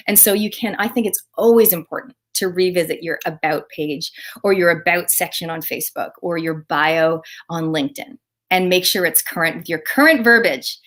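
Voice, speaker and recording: An enthusiastic woman business coach speaks live to her online audience. Her delivery is upbeat, with lively rises and dips as she addresses viewers directly. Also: lowish voice, normal speed. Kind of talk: Facebook live coaching talk.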